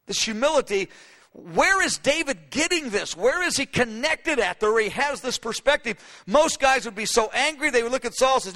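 A man preaching a sermon as pastor, animated, acting out the voices of Bible figures. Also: extremely high pitch, normal speed. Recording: long hall reverb.

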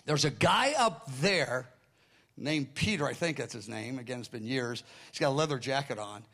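Animated, rambling middle-aged man preaching. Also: medium pitch, moderate pace. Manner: animated, acts out the people in his stories; rambling, self-correcting asides. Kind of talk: storytelling sermon.

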